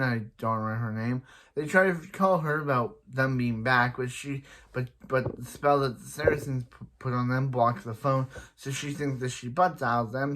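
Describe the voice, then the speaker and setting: A young man giving a casual, rambling movie review, often restarting and paraphrasing characters in quick bursts. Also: medium pitch, a bit bright.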